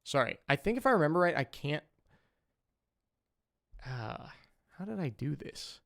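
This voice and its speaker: A man's voice: on the high side, big pitch swings, measured pace, vocal fry, a bit bright. Rambling young man streaming. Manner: rambling, full of "like" and "um". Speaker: saxophonist streamer. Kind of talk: casual livestream chat.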